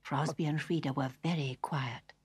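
A woman narrating a children's story in a gentle, expressive read-aloud manner. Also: deep voice, normal speed, breathy edge.

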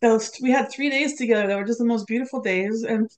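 A middle-aged woman, a podcast guest, recounting a personal story with feeling and lively retold quotes. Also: fairly high pitch, fast talker. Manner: emotional, quotes others in lively retellings.

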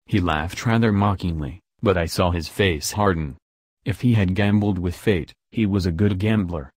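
A man narrating a novel as an audiobook in a steady, even storytelling manner. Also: low-pitched, normal speed, no echo, studio quality.

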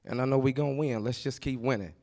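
A man's voice: medium pitch, fast, a little mellow. A man giving a rambling, emotional wedding toast as the groom's older brother, laughing between lines at a wedding reception.

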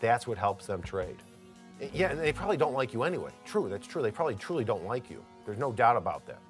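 A man speaking in a measured, deliberate way in a documentary interview. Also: mid-range voice, very animated, faint music behind.

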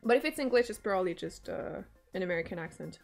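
A woman whose first language is French, streaming a game and chatting casually. She jokes, swears freely and breaks into sudden excited outbursts. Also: medium pitch, quick pace, gravelly, faint music behind. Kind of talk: casual gaming stream chat.

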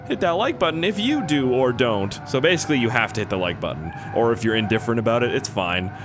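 A man's voice: mid-range voice, lively intonation, quick pace. A young man riffs through casual gameplay commentary, jokey and rambling, often cutting himself off mid-thought. His voice sits mid-range but bounces around a lot. A faint hum of noise runs underneath. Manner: rambling, jokey, self-interrupting. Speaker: gaming YouTuber.

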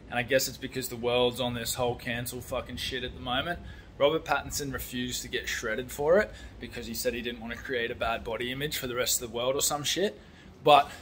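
A man's voice: mid-range voice, bright, forceful tone, a little hiss or hum. A man vlogging in a casual, blunt, sweary way, ranting about a film and talking about his building work. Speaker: vlogger, construction worker. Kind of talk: casual chat.

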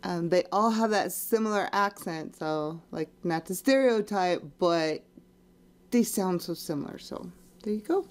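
A woman's voice: on the low side, unhurried. A woman narrating a video in a casual, explanatory way, sometimes dropping into murmured asides. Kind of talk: casual screen commentary.

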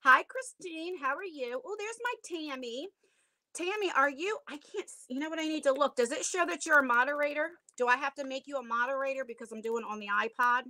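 A middle-aged woman hosts a casual home livestream from her attic, chatting straight into a tablet. Her voice sits high and sounds bright. She rambles with plenty of fillers, and the room sound is close and dry. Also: a little fast, dry recording. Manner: chatty and rambling, many fillers, self-conscious laughs. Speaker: channel host. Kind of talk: casual livestream chat with viewers. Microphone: tablet device.

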